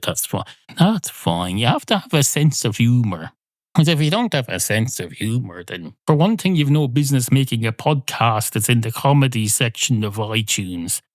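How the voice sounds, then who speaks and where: A man with an Irish accent hosting a comedy podcast, rambling through a deadpan, digressive monologue into a close mic with casual swearing. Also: mid-range voice, dry recording. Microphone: close studio mic.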